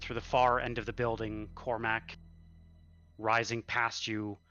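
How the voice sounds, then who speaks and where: A man narrating a tabletop game as dungeon master, pausing often to search for words, heard over a dull, lo-fi online call. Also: lowish voice, flat delivery, sharp tone, soft background music.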